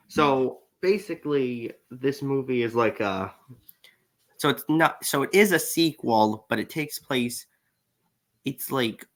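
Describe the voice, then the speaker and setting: A man in a casual chat who asks curious questions and reacts quickly to ideas. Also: medium pitch, fairly bright tone. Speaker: co-host asking questions.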